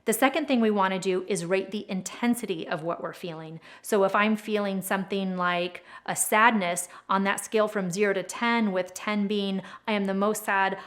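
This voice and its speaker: A young adult woman explaining a tapping technique as an educator, speaking gently and slowing down to stress key words. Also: mid-range voice. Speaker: trauma educator and advocate. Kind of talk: instructional explainer video.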